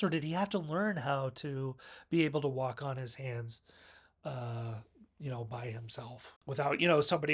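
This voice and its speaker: A man's voice: mid-range voice, fairly bright tone. A man rambling through a casual, jokey film review on his own video channel.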